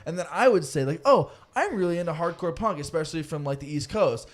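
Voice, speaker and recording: Animated young man hosting a podcast. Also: fairly high pitch, fast, hardly any pauses. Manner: rambling, animated storytelling, swears freely. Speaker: podcast host. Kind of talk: casual chat.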